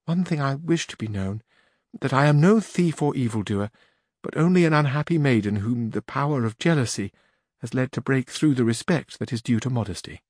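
Brief: man voicing a shy, weeping young noblewoman in a storybook reading, raised pitch, dry close sound. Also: expressive, fairly quick, a little mellow, no echo, lightly acted. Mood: tearful pleading. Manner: tearful, pleading, modest.

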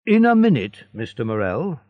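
A man voicing a polite, eager young seaman in a slow storybook reading. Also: mid-range voice, big pitch swings, dry recording, narrow, tinny audio, natural voice. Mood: earnest.

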